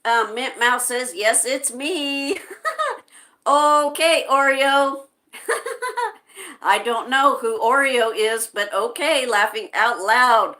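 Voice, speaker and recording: A woman's voice: high-pitched, expressive, sharp tone. A woman from the United States hosting a livestream, chatting casually and reading viewer comments aloud. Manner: slow, chatty, reads comments aloud with frequent laughs. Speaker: livestream host reading chat.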